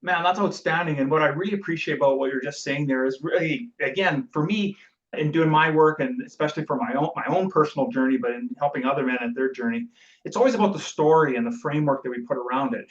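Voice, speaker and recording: A man hosts the podcast, warmly affirming his guest before rolling into long, reflective questions. He sounds set back from the microphone, and the audio is dull and lo-fi. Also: on the high side, fast. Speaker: podcast host. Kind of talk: interview questions. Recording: distant, dull lo-fi mic.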